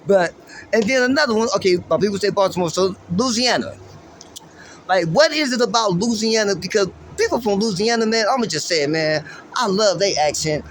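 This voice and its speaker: High-voiced laid-back man from Los Angeles. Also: animated, a little fast, a bit bright, slight background noise. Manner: laid-back, rambling, profane, full of fillers. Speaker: podcast host. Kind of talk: casual street-slang musing.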